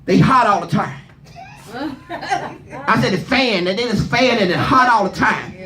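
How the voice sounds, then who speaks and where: A man's voice: extremely high pitch, animated, a little slow, reverberant, a crowd in the background. A man preaching at a Bible study, leading readers and firing questions at the room. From not from Philadelphia. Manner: fervent, asks the room questions, repeats words.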